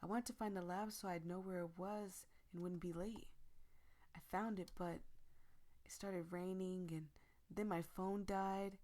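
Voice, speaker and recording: A hushed, bashful young man who is cute and a little creepy at once, as a woman reads him aloud. His lines come out soft and quiet. He's the too-eager neighbor of a story game. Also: on the low side, fairly even intonation, unhurried, close to an everyday voice. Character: shy, clingy young man neighbor, adorable yet creepy.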